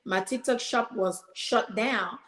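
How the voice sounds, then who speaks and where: Woman, podcast guest, earnest storyteller, a bit high-voiced, echoey room. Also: slow, a crowd in the background. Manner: earnest, animated retelling with quoted prayers. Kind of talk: emotional personal storytelling.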